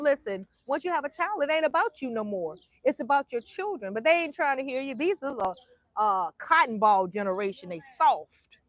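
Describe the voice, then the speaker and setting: An older woman, a grandmother telling animated stories in casual chat and acting out the quoted voices. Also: high-pitched, no echo, studio quality.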